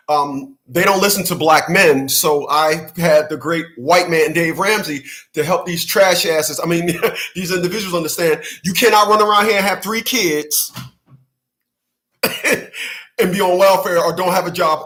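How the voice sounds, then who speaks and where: A man on his own channel delivers a fiery commentary rant. His voice sits high and comes across bright. He hammers his points, often breaking into laughter and saying things again and again. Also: poor audio. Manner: loud, emphatic, laughs often, repeats himself. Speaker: channel host.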